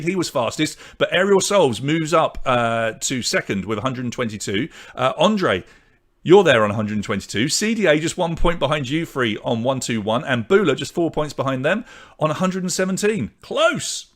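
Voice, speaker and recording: A man hosting an online pub quiz, reading out questions, answer options and scores in a brisk, chatty way. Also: on the high side, fairly bright tone. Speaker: quiz host.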